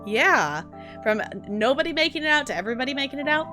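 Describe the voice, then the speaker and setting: A woman's voice: high-pitched, very animated, fast talker. A young woman, chatting casually with her stream audience, rambling with lots of fillers and restarts. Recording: faint background music. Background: soft lo-fi music.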